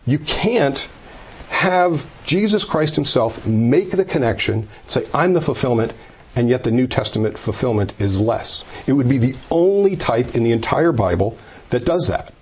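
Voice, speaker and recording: Husky man giving an earnest testimony. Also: medium pitch, normal speed, highs cut off. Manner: earnest and emphatic, builds to animated peaks; stumbling, with many repeated words. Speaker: speaker sharing a personal faith story. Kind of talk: informal testimony talk.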